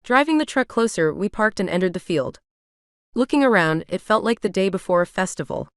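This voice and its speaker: A woman's voice: medium pitch, lively intonation, fairly quick, clean tone, no echo, clean studio sound. A woman narrating a first-person romance audiobook in a wry, conversational way.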